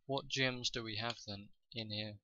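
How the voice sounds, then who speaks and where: A man giving casual commentary over his own gameplay, thinking aloud with frequent fillers and pauses. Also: medium pitch, fairly even intonation, muffled recording, noisy background. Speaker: gaming video host.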